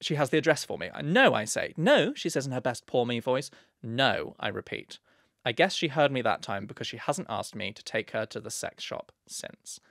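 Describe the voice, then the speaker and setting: A man's voice: medium pitch, animated, a little fast, vocal fry, a bit bright, dry recording, studio quality. A man co-hosting a podcast, chatting casually in a playful, teasing, mock-grand way. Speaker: podcast co-host.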